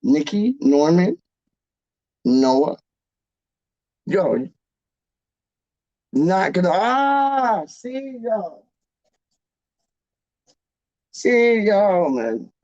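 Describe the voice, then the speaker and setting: A man's voice: high voice, drawn-out words, pauses often, dry recording, highs cut off. Slangy, jokey streamer man, dry sound. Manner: animated, jokey, slangy riffing. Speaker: livestream host reading chat. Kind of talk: casual chat.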